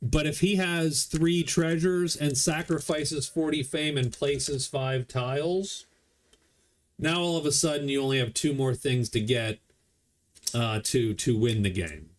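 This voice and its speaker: Male board game streamer with a slightly high voice. Chatty and explains rules aloud. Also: unhurried. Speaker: board game player streaming a solo playthrough. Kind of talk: casual game commentary.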